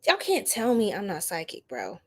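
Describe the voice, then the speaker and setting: A young adult woman hosting a tarot reading livestream, chatting casually with viewers in an animated, slangy way and laughing often. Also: mid-range voice, moderate pace, husky. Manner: animated, laughing, preachy slang-filled asides. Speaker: tarot reader livestream host.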